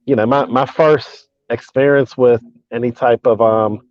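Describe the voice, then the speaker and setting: A man's voice: medium pitch, fairly even intonation, a little slow, a little mellow, muffled recording, a little hiss or hum. A man talking sports as a co-host over a remote call, laid-back and thinking aloud. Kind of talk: casual sports talk.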